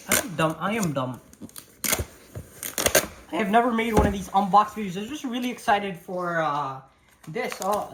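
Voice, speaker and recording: Casual vlogger, woman, mid-range voice, excitable and rambling with slang, handheld camera at home, faint hiss. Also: medium pitch. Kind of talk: casual unboxing vlog. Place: at home by a desk. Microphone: handheld camera mic.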